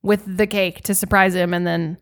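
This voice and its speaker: A woman in a relaxed conversation about a film. She drops in short comments and asides, keeping the exchange conversational. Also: lowish voice, normal speed. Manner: brief chiming-in remarks and asides. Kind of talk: casual movie recap chat.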